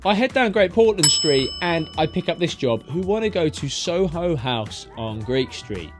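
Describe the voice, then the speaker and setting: A man's voice: fairly high pitch, expressive, normal speed, soft background music. A man, a taxi driver chatting his way through his routes street by street in a driving vlog. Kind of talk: narrated driving vlog commentary.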